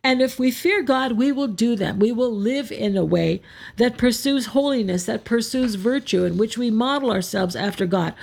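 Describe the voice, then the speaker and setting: A woman's voice: fairly high pitch, moderate pace, gravelly, darkish tone. A woman giving a scripture teaching talk as an Orthodox Christian Bible teacher, explaining verses and asking her listeners rhetorical questions.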